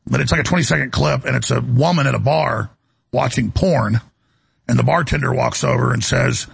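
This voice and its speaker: A man's voice: mid-range voice, moderate pace. A man hosting a talk radio show, delivering a rambling, indignant monologue full of restarts. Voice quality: gravelly, raspy.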